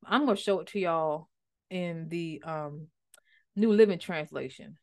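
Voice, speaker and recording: Give me an animated woman teaching the Bible in a casual podcast chat. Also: low-pitched, a little slow. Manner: animated, conversational, repeats words for emphasis.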